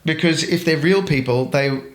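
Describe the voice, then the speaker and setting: A man chatting as a guest, telling stories in a frank and relaxed way. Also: on the high side, normal speed. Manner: relaxed storytelling, frank and earthy. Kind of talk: casual conversation. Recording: roomy echo.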